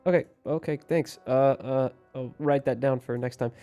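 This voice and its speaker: A man's voice: medium pitch, fairly even intonation, moderate pace, few pauses, mellow, soft background music. A man playing a tabletop game, speaking eagerly and hesitantly. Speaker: player.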